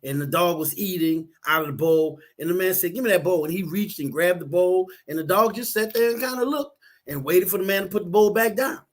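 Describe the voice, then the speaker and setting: Man, counselor, talk show guest, high voice, animated storytelling. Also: brisk. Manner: animated storyteller acting out quotes. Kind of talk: casual talk show chat.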